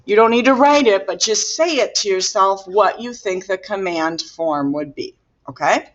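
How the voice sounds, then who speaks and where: A woman's voice: mid-range voice, normal speed, lo-fi sound. A woman teaching a recorded grammar lesson, patiently explaining step by step while she writes on the board. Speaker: Spanish teacher.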